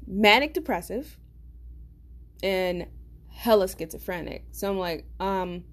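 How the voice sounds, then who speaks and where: Animated slangy woman telling a story. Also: mid-range voice, slow. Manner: animated, slangy, blunt, laughs while telling. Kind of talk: casual storytime.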